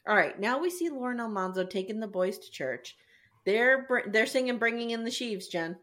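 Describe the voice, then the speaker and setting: Animated woman recapping with laughter. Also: on the high side, brisk. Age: adult with children. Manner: animated, laughing, profane storytelling. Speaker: podcast co-host recapping a show. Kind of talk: casual chat.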